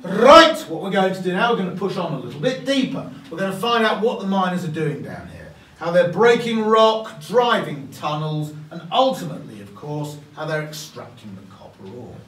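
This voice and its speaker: A man guiding visitors through an underground mine, telling its history with lively emphasis. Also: high-pitched, normal speed, few pauses, a little hiss or hum. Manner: lively storytelling, stressing words. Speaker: mine tour guide. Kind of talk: guided tour talk. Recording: echoey mine tunnel, from far off.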